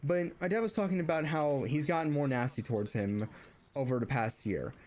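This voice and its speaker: A man's voice: a little high, fairly quick, darkish tone, slight background noise. Rambling young man venting while streaming. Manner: rambling, many restarts and fillers, rising when riled. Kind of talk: casual rant while streaming.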